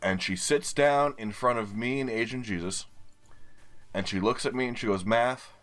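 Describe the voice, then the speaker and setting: A man in his twenties doing casual gameplay commentary as a streamer, telling a story in an animated way with casual swearing. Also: on the low side, moderate pace, soft background music. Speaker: game streamer.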